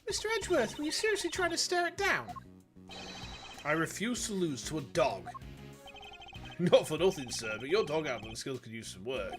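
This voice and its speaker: A man voicing a gruff, loyal male police detective while reading game dialogue aloud. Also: a little high, very animated, normal speed, pauses often, over music. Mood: eager. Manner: blunt, eager.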